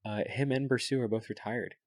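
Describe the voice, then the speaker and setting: A young man chatting as a podcast guest, telling animated, swear-laden stories full of "like" and "dude". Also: medium pitch, brisk, no echo. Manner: animated storyteller, swears freely, fillers like "like" and "dude". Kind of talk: casual podcast chat.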